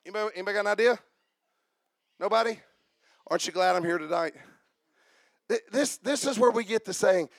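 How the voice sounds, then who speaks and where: A man preaching a sermon as pastor, joking with the congregation and building to shouted passages. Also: high-pitched, lively intonation, moderate pace, pauses often, no room sound.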